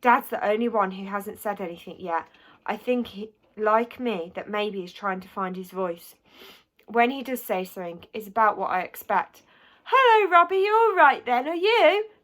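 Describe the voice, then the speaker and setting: A woman's voice: mid-range voice, moderate pace. A woman reading a children's book aloud, narrating expressively in the first person. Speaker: audiobook reader.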